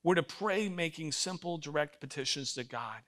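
Older male pastor, animated sermon, bright high voice. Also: normal speed. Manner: animated storytelling, acts out voices, emphatic.

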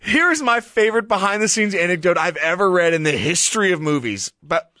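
A man's voice: sits high, animated, fairly quick, pushed and bright, no room sound, studio quality. A man co-hosting a casual podcast, delivering a scathing prepared rant in a chatty way. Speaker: podcast co-host.

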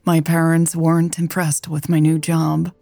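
A woman's voice: sits low, monotone, mellow, no room sound, studio quality. A woman reading as a fragile, tearful young woman. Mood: sad, tearful. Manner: slow, breathy, whispered. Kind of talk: audiobook dialogue reading.

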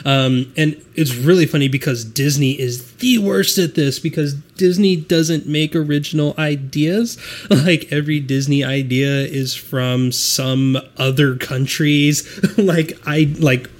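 A man from the United States in a casual chat, animated and laughing, acting out quotes as he talks. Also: on the high side, a little slow.

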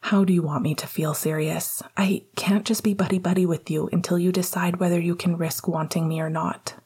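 A weary young hockey player, guarded and hurt, speaks in a hushed whispered role-play, as a woman puts him on. The breathy whisper sits low and warm, close to the ear. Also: fairly even intonation, brisk.

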